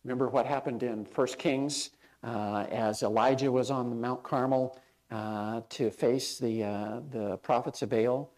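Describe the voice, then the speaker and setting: A man's voice: mid-range voice, steady tone, measured pace, darkish tone. A male pastor preaching a sermon in a plain, conversational way, with frequent fillers and quoted lines acted out.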